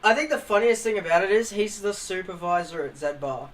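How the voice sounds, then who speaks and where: A man's voice: high voice, animated, fairly quick, a little hiss or hum. A young man chatting on a live stream, telling funny family stories with lots of laughing and swearing. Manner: laughing storyteller, swears, acts out family quotes. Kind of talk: casual chat on a live stream.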